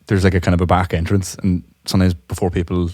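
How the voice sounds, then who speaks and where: A young man co-hosting a podcast, telling a story in casual chat, animated and laughing often. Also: deep voice, fast, dry recording, clean studio sound. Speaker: podcast co-host.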